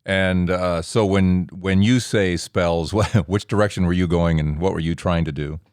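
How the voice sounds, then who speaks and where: A man's voice: deep voice, fairly even intonation, moderate pace, a little mellow, no echo, studio quality. A man hosting a podcast, interviewing a guest and asking short, curious follow-up questions. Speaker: podcast host.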